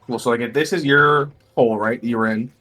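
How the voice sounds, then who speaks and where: Husky-voiced man running a tabletop game. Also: mid-range voice, steady tone, a little fast, pushed and bright, low-quality recording. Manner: loose, filler-heavy description. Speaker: game master.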